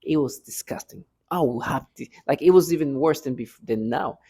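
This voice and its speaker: A male vlogger with a husky, dark-toned, medium-pitched voice speaks to camera at a moderate pace in a casual monologue to his viewers. He is insistent, often repeating words and starting sentences over. The recording is dry but low in quality.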